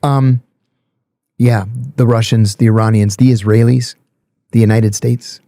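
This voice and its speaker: A middle-aged man, a podcast guest, telling a story in a blunt, animated way with some swearing. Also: medium pitch, a little slow, no room sound. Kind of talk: storytelling in casual chat.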